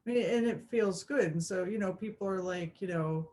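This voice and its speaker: A woman's voice: medium pitch, normal speed, a little mellow, a little hiss or hum. A woman co-hosting a spirituality talk show, chatting casually, earnest and reflective, with many fillers and restarts. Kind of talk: casual chat.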